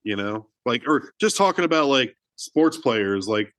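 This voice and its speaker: A man co-hosts a film podcast, rambling through stories with lots of "like" and false starts. His medium-pitched voice is animated and fairly bright, moving at a measured pace with no echo.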